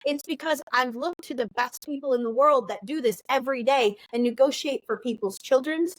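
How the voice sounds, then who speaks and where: A woman in her thirties chats as a podcast co-host, acting out quoted lines with lively energy. Her voice sits a little high, and the recording is dry and close. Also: a little fast, dry recording, low-quality recording. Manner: animated storyteller, acts out quoted lines. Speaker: podcast co-host, nurse trainer. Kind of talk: casual conversation.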